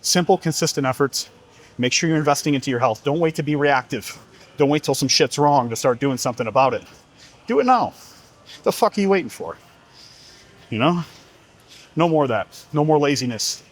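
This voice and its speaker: A man's voice: medium pitch, fairly quick. A man talking as a fitness coach in a blunt, heavily profane motivational monologue, firing off rhetorical questions while working out.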